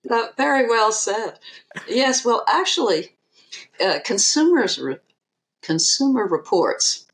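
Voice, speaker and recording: A woman, an eye surgeon on a podcast interview, speaking in a measured, emphatic way and repeating her key figures. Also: fairly high pitch, animated.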